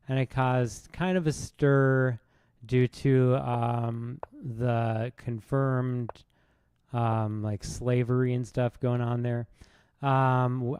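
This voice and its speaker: A man streaming, rambling in a deadpan, sarcastic way with halting restarts. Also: mid-range voice, clear, resonant tone, dry recording, studio quality. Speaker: chess streamer. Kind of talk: casual rambling monologue.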